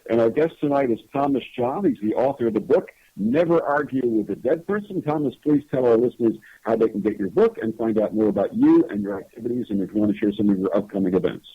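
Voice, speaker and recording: Lively husky radio host, man. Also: medium pitch, fast talker, few pauses, dry recording. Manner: lively, promotional, emphatic. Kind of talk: radio hosting. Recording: dull lo-fi radio audio.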